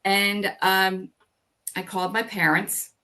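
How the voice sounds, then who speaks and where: A woman's voice: medium pitch, little pitch movement, slow pace, pushed and bright. A middle-aged woman telling her own story as an interview guest. She talks candidly, says "like" and "you know" often, and acts out her past thoughts.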